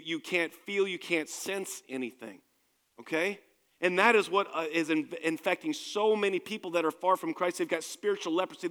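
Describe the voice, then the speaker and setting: A male pastor delivers a sermon in an emphatic, conversational manner, addressing the congregation directly. His voice sits a little higher than most men's. It carries with a long, lingering reverb from a church hall. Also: fairly bright tone.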